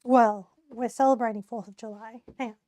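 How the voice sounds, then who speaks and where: A young woman streaming from home, talking casually to her chat with a hoarse, squeaky voice she says she is losing, rambling and laughing often. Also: steady tone, fairly quick, mellow, dry recording. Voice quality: squeaky, creaky voice. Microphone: desk mic.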